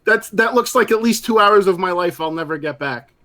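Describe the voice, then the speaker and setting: A man's voice: high voice, a little fast, pushed and bright. A man co-hosting a casual live show, talking bluntly and animatedly and swearing freely. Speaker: podcast co-host. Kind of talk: casual livestream chat.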